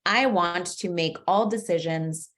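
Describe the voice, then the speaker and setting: A woman's voice: lowish voice, measured pace, a bit bright. A woman coach giving a masterclass, talking casually and playfully, often saying "like", swearing now and then, and asking the listener rhetorical questions. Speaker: manifestation coach. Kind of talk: recorded masterclass talk.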